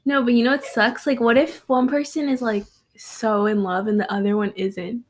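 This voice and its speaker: A woman's voice: on the high side, steady tone, moderate pace, a little hiss or hum. A young woman in casual chat with a friend, earnest and easily flustered, with many fillers. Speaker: friend chatting.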